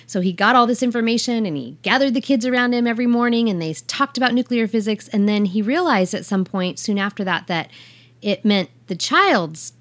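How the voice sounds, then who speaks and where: A woman's voice: medium pitch, expressive, fairly quick, no echo. A woman co-hosting a podcast with her husband, telling stories in a chatty way and laughing often. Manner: giggly, chatty storyteller. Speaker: podcast co-host. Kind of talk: casual chat.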